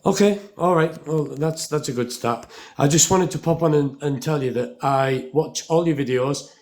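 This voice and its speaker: A man calling in to a live show, friendly and halting, currently ill. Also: fairly high pitch, a little mellow. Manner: halting, friendly, calls everyone mate. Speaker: caller.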